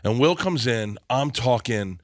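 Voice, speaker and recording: A middle-aged comedian telling a comic story on a podcast, animated and quick to act out other people. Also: male voice, medium pitch, no room sound, clean studio sound. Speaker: comedian guest.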